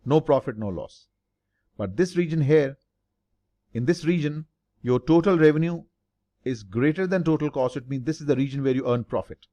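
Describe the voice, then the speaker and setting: A man's voice: on the high side, normal speed, long pauses, mellow, dull audio. A man lecturing as a finance tutor, stressing and repeating key terms and answering his own questions. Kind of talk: lecture explaining break-even analysis.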